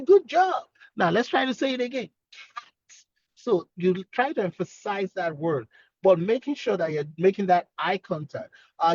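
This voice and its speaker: Male speech therapist, earnest explainer, higher voice, dull dry sound. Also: a little mellow, dry recording. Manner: earnest, explanatory, repeats key points. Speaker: speech-language pathologist guest. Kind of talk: expert explaining on a webinar.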